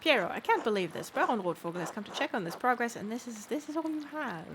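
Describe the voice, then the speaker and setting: A stern prior who scolds his scribes, read out by a woman in a fairly high voice. Background noise hums steadily under the voice. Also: sing-song, fast talker. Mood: scolding.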